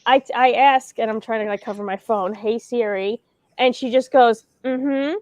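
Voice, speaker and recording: A woman's voice: on the high side, fairly even intonation, a little fast, dry recording. A woman with a New York accent hosting a livestream, chatting casually and laughing often. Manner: laughs often while telling stories. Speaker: livestream host. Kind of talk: casual chat. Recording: dry, dull lo-fi sound.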